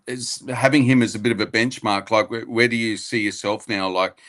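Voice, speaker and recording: A man co-hosting a casual interview, asking long questions in a halting way with many fillers. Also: fairly low pitch, fairly even intonation, a bit bright. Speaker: co-host interviewer.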